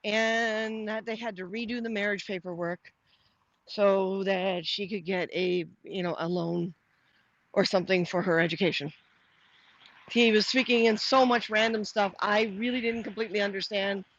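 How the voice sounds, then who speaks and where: A woman's voice: medium pitch, fairly even intonation, normal speed, a bit bright, no room sound, dull audio. A middle-aged woman, chatting casually on a live stream while walking outdoors. She rambles, restarts often and answers viewer comments aloud. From Canada. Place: outdoors, walking to the post office.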